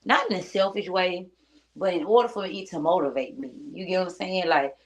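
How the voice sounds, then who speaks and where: Young woman vlogger, low voice, casual slangy pep talk straight to camera, keeps saying friend. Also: brisk, low-quality recording. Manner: slangy, conversational, keeps addressing viewers as friend. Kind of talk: casual motivational chat. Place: at home. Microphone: streaming setup.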